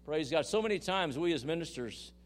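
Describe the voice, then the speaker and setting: A man preaching a sermon in church, telling a story and rising into loud, emphatic praise while calling the congregation to respond. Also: on the high side, animated, fairly quick.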